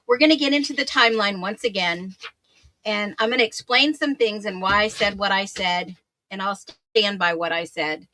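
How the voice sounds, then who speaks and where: A woman hosting a true crime livestream, chatty and upbeat, laughing often and greeting viewers by name, her voice a little hoarse. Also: medium pitch, moderate pace, pushed and bright, no echo. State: slightly hoarse voice. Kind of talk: casual livestream chat, reading viewer comments.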